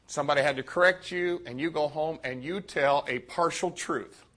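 Animated male preacher with a high, bright voice. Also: moderate pace. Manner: animated, addresses youth directly. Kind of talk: sermon.

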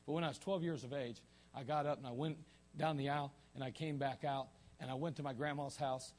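A man's voice: medium pitch, steady tone, a little fast, slight background noise. A man preaching a sermon in a folksy, joking way, often restarting his sentences, with an Ohio accent. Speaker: pastor.

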